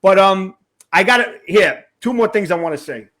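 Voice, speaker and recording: Brash high-voiced Queens New York man. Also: normal speed. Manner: brash, excitable, swears freely. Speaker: podcast host. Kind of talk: casual rock interview chat.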